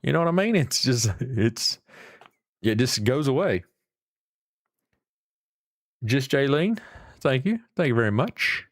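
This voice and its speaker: A man's voice: medium pitch, very animated, slow pace, pauses often, no room sound, studio quality. A middle-aged man, chatting casually and rambling to his livestream viewers. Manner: rambling, folksy, swears casually. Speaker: livestream host.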